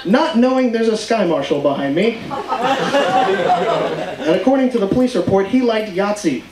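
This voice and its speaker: Man, stand-up comic, high voice, loud crowd laughing around him, joking delivery. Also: animated, a little slow. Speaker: stand-up comedian. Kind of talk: stand-up comedy set. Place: comedy club stage with audience. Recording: echoey room, far mic, crowd laughter.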